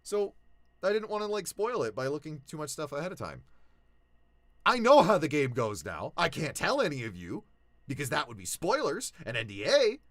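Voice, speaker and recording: A young male voice actor talking casually to his viewers, animated, swinging between low mutters and excited shouts. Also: moderate pace, no echo. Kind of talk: casual vlog talk.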